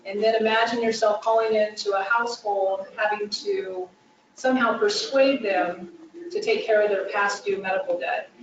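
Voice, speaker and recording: A woman's voice: medium pitch, fairly even intonation, normal speed. Earnest woman trainer in an echoey room. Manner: earnest, with frequent "uh" and "um" fillers. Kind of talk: training presentation. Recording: echoey room from far off, dull and faintly noisy.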